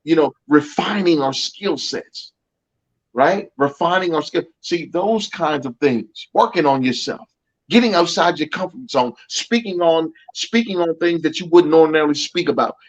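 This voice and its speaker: A man's voice: a little high, normal speed, lo-fi sound. A middle-aged male coach speaking in an interview, emphatic and repetitive with a preacher-like cadence and many restarts. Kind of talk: motivational interview talk.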